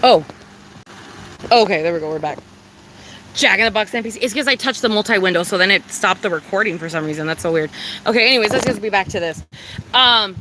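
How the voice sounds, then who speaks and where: A woman's voice: mid-range voice, lively intonation, brisk, pauses often, pushed and bright, a little hiss or hum, rough recording. A young woman chatting live with viewers in a bubbly, profane way. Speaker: livestreamer. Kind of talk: casual live chat. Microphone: phone.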